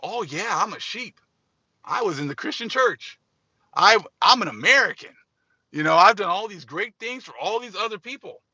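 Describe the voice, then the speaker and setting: A man's voice: high-pitched, expressive, moderate pace, pushed and bright, husky, no room sound, dull audio, pitched above the performer's own voice, heavily acted. A man voicing a proud, self-satisfied male churchgoer who sputters and boasts. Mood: boastful.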